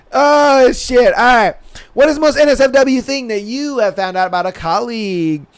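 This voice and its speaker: A young man hosting a podcast, telling stories in casual, animated, slangy chat and acting out quoted lines. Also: extremely high pitch, smooth. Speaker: podcast host.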